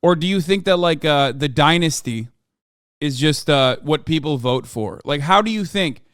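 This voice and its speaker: Brief: man in his thirties, streamer arguing with chat, fast profane rants, high clear voice, dry close sound. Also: expressive, no echo. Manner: profane, ranting at chat, swings to yelling. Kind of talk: live stream reaction and chat rant.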